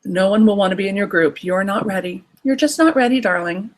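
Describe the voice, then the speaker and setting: A woman's voice: mid-range voice, fairly quick, lightly acted. A woman voicing a cautious inner parent who talks down to a child and calls it darling. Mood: condescending. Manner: soothing, condescending, calls you darling.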